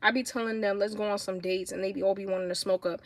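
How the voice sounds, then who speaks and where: A woman's voice: mid-range voice, quick pace. Blunt young woman with a New York accent. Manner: blunt, animated, swears a lot. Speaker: livestreamer. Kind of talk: casual storytelling chat.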